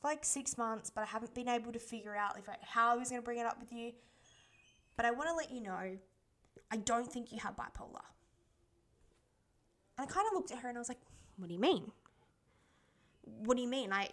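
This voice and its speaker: Young woman, podcast host, casual chatty monologue, slightly higher voice. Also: a bit bright. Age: 20s. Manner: chatty, quoting others with "I was like" and "she's like". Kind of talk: personal storytelling monologue.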